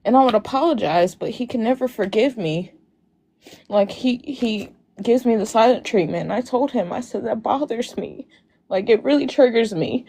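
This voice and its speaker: A woman's voice: on the high side, normal speed, dark tone. A young woman calling into a live Q&A over a video call, telling her story while crying, rambling with many fillers. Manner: tearful, rambling, frequent "like" fillers. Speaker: caller on a live Q&A. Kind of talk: emotional personal account.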